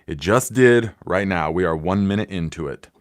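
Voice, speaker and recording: A man's voice: sits low, normal speed. A man hosting a casual live Q&A on his channel from home, talking loosely with many fillers and restarts into a phone. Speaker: livestream host. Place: home in Fort Wayne, Indiana.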